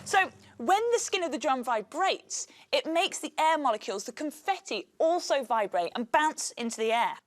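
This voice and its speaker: A woman presenting a children's science lesson in an upbeat, clear way. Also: sits high, animated, moderate pace, few pauses, heavy background noise. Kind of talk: scripted science lesson for kids. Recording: music playing behind the voice.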